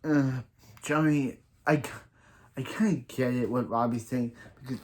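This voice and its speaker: A man's voice: medium pitch, steady tone, unhurried, darkish tone. A man casually recapping a TV season, rambling with lots of fillers and restarts. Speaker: show recap reviewer.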